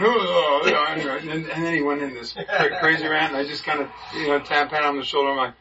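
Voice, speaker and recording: Guy telling a story to his bible group, kinda high voice, acts out everyone, far off the mic. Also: fairly even intonation, moderate pace, hardly any pauses. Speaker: Bible study group member. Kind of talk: animated storytelling in a group discussion. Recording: muffled, from a distance, faint background hiss.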